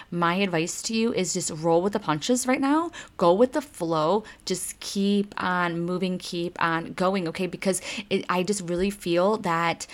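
Woman, 30s, slightly low voice; chatty, emphatic card-reading host who talks right at the audience. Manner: chatty and emphatic, swears mildly, addresses listeners directly. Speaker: spiritual card reader, podcast host. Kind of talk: casual oracle card reading monologue.

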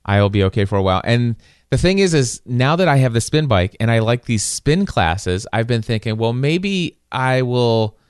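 A man's voice: medium pitch, expressive, moderate pace, clear, resonant tone, no room sound, clean studio sound. A man co-hosting a casual chat, rambling with frequent restarts and repeated words.

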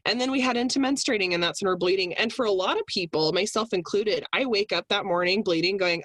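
A woman talking as a podcast guest, animated and laughing, acting out exaggerated inner voices. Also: medium pitch, quick pace, hardly any pauses, no echo. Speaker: guest speaker. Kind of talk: casual podcast chat.

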